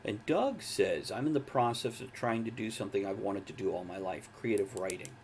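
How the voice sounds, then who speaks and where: A man in his forties hosting a casual podcast chat from home, relaxed and talkative, cracking jokes as he goes. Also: lowish voice, a little fast, a little hiss or hum. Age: 40s. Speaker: podcast host.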